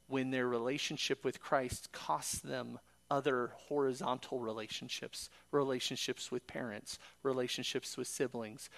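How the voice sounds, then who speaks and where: A man's voice: medium pitch, gravelly, a bit bright. A man preaching a sermon in an earnest way, quoting scripture and building to emphatic peaks.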